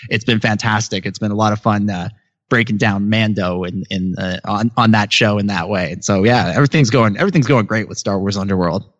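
A man's voice: lowish voice, fairly even intonation, a little fast, fairly bright tone. Modest male podcast guest, lo-fi audio. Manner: modest, rambling, with many fillers. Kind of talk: casual podcast chat.

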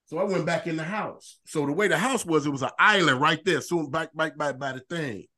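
A man co-hosting a podcast, telling a long profane story in animated, repetitive bursts. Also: fairly high pitch, a little fast. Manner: profane, animated storyteller who repeats phrases. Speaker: podcast co-host. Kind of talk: casual storytelling chat.

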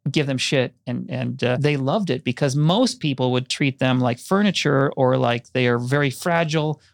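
A middle-aged man, a filmmaker guest in an interview, telling anecdotes in a relaxed conversational way and acting out quoted voices. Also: mid-range voice, moderate pace, gravelly, no room sound, studio quality. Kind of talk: conversational storytelling.

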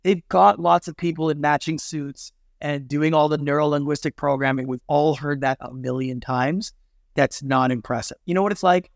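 A middle-aged man, a film producer and business consultant, chatting in an interview in a lively way and acting out quoted voices. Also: a little high, normal speed, gravelly, no room sound, studio quality. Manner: animated, acts out quoted voices, many "like" fillers. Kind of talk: casual interview conversation.

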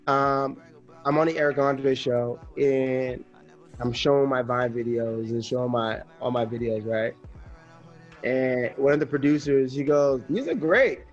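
A man's voice: mid-range voice, flat delivery, measured pace, dull audio, soft background music. A man, a comedian guest, telling anecdotes in a laid-back way and laughing often. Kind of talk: casual podcast chat.

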